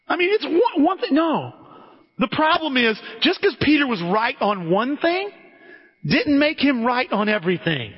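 A man's voice: very high-pitched, very animated, measured pace. A man preaching a casual, conversational sermon, speaking directly to his listeners and often restarting his sentences. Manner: direct, addresses listeners as "guys", frequent restarts. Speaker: pastor. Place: church sanctuary. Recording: dull recording with long hall reverb.

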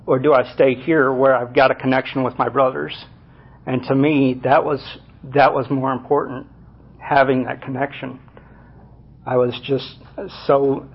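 A middle-aged man giving a personal testimony to a group, halting, with many fillers and restarts. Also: mid-range voice, husky. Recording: muffled lo-fi recording.

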